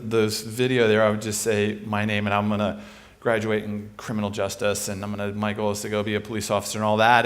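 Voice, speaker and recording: A man's voice: mid-range voice, a bit bright. A middle-aged man preaching a conversational sermon, informal and humorous, telling stories and often restarting his sentences.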